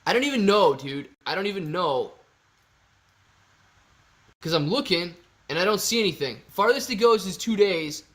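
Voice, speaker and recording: A man hosting a casual livestream, reading viewer super chats aloud in a slangy, excitable way with sudden loud bursts. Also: high-pitched, moderate pace, long pauses. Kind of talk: casual live-stream chat.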